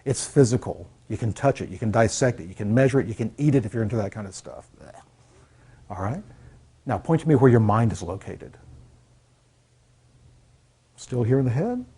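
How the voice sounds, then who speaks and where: A man's voice: medium pitch, lively intonation, normal speed, pauses often, dark tone, husky. A man, a college counselor, giving an earnest classroom talk to students and checking in often to make sure they follow. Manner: earnest, repeats key points, checks in with "okay?".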